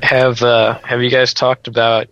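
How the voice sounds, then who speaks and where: A man's voice: mid-range voice, little pitch movement, measured pace, crowd noise. A man guesting on a casual podcast, easygoing and chiming in with short agreements. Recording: dull lo-fi mic.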